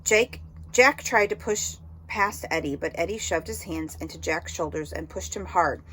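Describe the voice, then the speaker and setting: A woman reading an audiobook novel aloud in steady storytelling narration. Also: lowish voice, normal speed. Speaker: audiobook reader.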